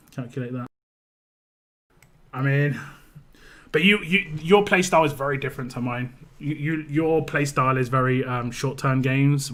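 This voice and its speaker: British male streamer, mid-pitched, loose rambling chat with restarts. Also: a bit bright. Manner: rambling, repeats words, reads chat aloud. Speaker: live streamer. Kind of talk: casual live-stream chat.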